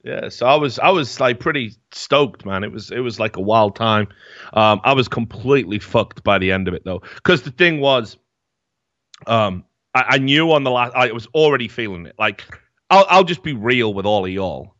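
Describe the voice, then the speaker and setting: A man's voice: medium pitch, animated, normal speed, a bit bright, dry recording. A young man telling rambling, profane stories in a casual chat as podcast host. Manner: rambling, profane storytelling with many fillers. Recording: dull, dry lo-fi mic.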